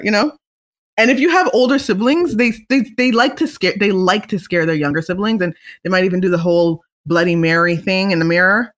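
A woman's voice: mid-range voice, a little fast, fairly bright tone, shouting. A young woman hosting a solo talk show, chatting casually and rambling with frequent restarts and laughter. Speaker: solo podcast host. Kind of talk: casual chat.

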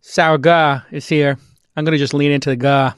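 A man from Brooklyn hosting a podcast, giving emphatic, animated opinions in casual interview talk. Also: fairly high pitch, normal speed, clean tone, no echo, studio quality. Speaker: podcast host. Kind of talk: casual interview and host-read ad.

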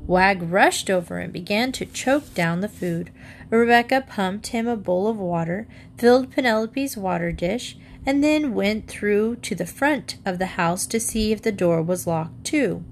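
A woman reading a children's book aloud, with lively storytelling. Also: a little slow, a little hiss or hum. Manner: lively storytelling, raises pitch for the girl's lines. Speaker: reader.

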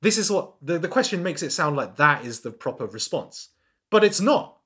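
A podcast co-host with a lively, swooping pitch, questioning the other host in casual chat. The speech is loose and full of "like", with the sex hard to tell from the voice. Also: normal speed. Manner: questioning, uses "like" as filler a lot.

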